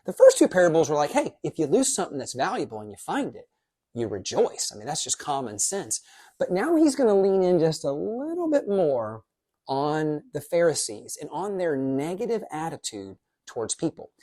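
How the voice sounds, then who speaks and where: A pastor delivers a casual devotional teaching, lively and conversational, with quick asides dropped in. His voice is medium in pitch.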